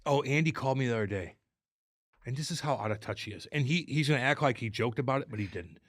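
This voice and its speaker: Brief: male sports podcast co-host, animated and swearing, dry close mic. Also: medium pitch, fast, dry recording. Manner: profane, animated storyteller. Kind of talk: casual sports chat.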